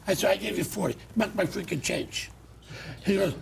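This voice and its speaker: Gravelly, blunt New man ranting. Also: sits high, fairly quick, a little hiss or hum. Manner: blunt, loud, animated storyteller. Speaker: talk show host. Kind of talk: casual ranting monologue.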